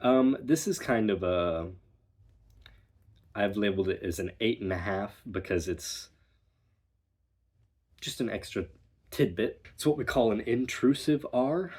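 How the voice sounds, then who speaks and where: Slow husky American man coaching accents. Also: on the low side, darkish tone. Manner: demonstrates words by repeating them. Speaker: dialect coach. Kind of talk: accent lesson.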